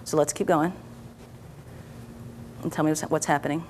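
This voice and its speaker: A woman practitioner guiding a client through a therapy session, asking gentle, coaxing questions and checking in often. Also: low-pitched, fairly even intonation, moderate pace, background noise. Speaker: EFT practitioner.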